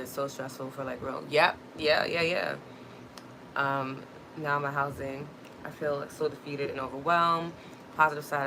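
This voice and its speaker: A young adult woman hosting a spiritual wellness livestream, talking gently and reflectively and answering viewers' comments. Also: low-pitched, slight background noise, poor audio. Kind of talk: casual spiritual talk to a live audience.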